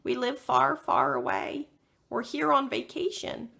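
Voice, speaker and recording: A woman voicing a small, cheerful lost male dog in a storybook with a high eager voice. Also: big pitch swings, unhurried, creaky, pushed and bright, full character voice.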